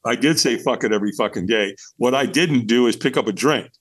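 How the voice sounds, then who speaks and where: Middle-aged male guest, candid storyteller, swears freely, animated delivery, dry close mic. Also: fairly quick, husky, dry recording. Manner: animated, jumps into high voices when quoting people. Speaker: podcast guest. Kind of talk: storytelling in casual conversation.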